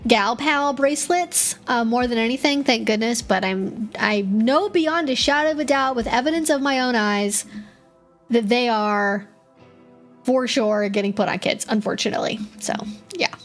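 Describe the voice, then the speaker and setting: A woman's voice: fairly high pitch, normal speed, faint music behind. A woman hosting a live-stream Q&A as a kink educator, chatty and rambling, with many fillers and short laughs.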